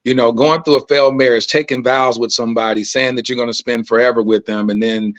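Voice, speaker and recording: A man's voice: medium pitch, steady tone, quick pace, low-quality recording. A man speaking as an interview guest, earnest and preacherly, telling personal stories. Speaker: podcast host and filmmaker as guest. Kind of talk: candid interview conversation.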